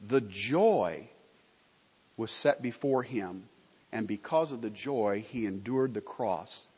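A man's voice: lowish voice, lively intonation, takes it slowly, darkish tone, breathy edge. A man preaching a sermon, asking the congregation questions and answering them himself in an emphatic teaching manner. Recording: muffled recording with long hall reverb.

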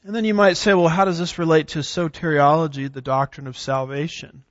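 Male theology lecturer, a touch high-pitched, deliberate scripture reading, dry dull lo-fi recording. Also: fairly even intonation, no room sound. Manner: reads scripture slowly with emphasis; clears throat, occasional fillers. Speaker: theology teacher. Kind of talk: classroom lecture on doctrine.

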